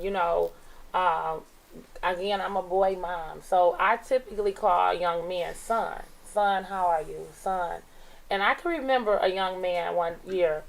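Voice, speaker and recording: A woman's voice: lowish voice, vocal fry, low-quality recording. A middle-aged woman teacher, telling classroom stories in casual talk and acting out the dialogue. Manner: animated, acts out dialogue in her stories. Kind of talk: casual storytelling on a radio talk show.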